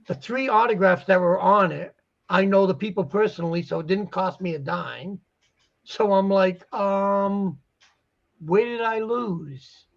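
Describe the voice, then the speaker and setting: High gravelly man, lo-fi sound. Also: a little slow. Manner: rambling, acts out quoted conversations. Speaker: guest poster dealer. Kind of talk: casual chat. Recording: muffled lo-fi audio.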